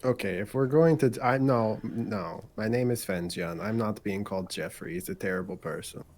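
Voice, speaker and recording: A man's voice: lowish voice, normal speed, a little mellow. A man playing a tabletop game, talking in character in a hesitant, sarcastic way. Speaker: player.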